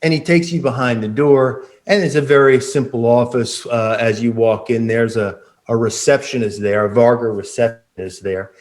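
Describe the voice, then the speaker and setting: A man's voice: mid-range voice, steady tone, moderate pace, few pauses, darkish tone. A man narrating a tabletop game as game master, rambling with many fillers and restarts.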